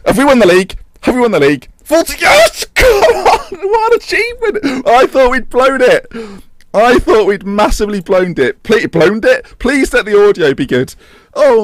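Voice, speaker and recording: Excitable man commentating a game. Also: on the high side, dry recording. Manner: excitable, shouts and laughs at the screen. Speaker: gaming YouTuber and streamer.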